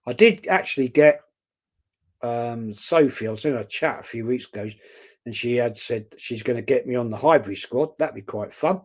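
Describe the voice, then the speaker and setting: Man, live-stream host, blunt and outspoken, casual chat, middling pitch. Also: normal speed, darkish tone. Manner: blunt, outspoken, chatty, calls viewers mate.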